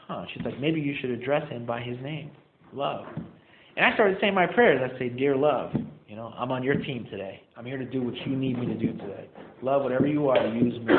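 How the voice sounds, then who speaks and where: A man's voice: medium pitch, slight background noise. Young man telling his story, echoey tinny sound. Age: young adult. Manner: casual, animated storytelling with "man" and "like". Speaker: recovery meeting speaker. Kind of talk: personal story told to a group. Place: meeting room. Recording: echoey room over a tinny phone-like line.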